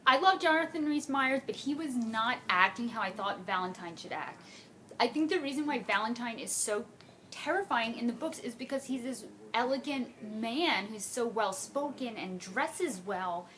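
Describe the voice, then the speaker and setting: A young woman giving a casual video review as a book fan, animated and exasperated, with sudden rising outbursts. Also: on the high side, normal speed, a little hiss or hum.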